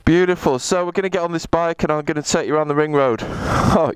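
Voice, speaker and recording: A motovlogger riding a city ring road chats quickly into his helmet mic, barely pausing, his voice smooth, with no room sound but wind and traffic behind. His casual commentary is comic and sweary, swinging widely in pitch.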